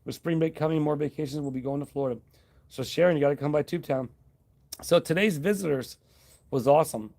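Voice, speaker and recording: A man's voice: on the high side, a little fast, vocal fry. Easygoing man chatting on a live stream. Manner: relaxed, rambling, reads out viewer comments; friendly, laughs often, thanks viewers. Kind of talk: casual live-stream chat.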